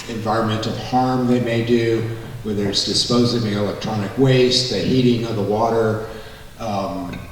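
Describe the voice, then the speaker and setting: A man, a congressional candidate, giving a measured, policy-focused answer at a forum. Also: fairly low pitch. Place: large echoey hall. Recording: echoey hall, voice from far off, faint noise.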